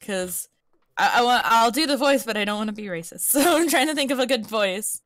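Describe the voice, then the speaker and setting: A woman's voice: on the high side, lively intonation, fairly quick, fairly bright tone, no echo, studio quality. A woman co-streaming a story game, reading aloud and chatting hesitantly. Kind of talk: casual chat and reading.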